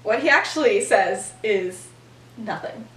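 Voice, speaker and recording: A woman's voice: mid-range voice, expressive, unhurried, a bit bright. A young woman hosting a podcast, chattily retelling a story and acting out the characters' lines with frequent laughter. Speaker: podcast host. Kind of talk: casual storytelling recap. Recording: roomy, distant mic with faint noise.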